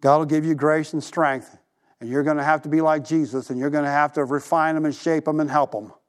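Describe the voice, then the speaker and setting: High-voiced guy preaching, acts out the quotes, gets real quiet to make a point. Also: fairly quick. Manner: animated storytelling, acting out quoted voices; drops to a hushed voice for emphasis. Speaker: pastor. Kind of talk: sermon.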